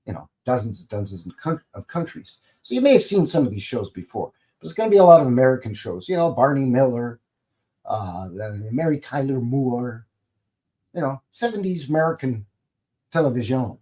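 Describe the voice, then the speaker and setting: Rambling, folksy Canadian live stream host. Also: male voice, mid-range voice, very animated, a little fast, mellow. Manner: rambling and folksy, many fillers and restarts. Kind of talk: casual live stream chat.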